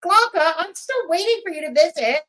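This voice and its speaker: A woman's voice: very high voice, animated, fairly quick, a bit bright, low-quality recording. A woman hosting a live-stream, commenting on clips in a sarcastic, mocking way. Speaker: commentary channel host.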